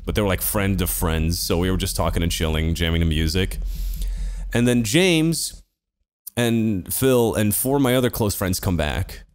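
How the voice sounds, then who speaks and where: A man's voice: low voice, moderate pace. A man, podcast co-host, telling a rambling story in casual chat, swearing and laughing often.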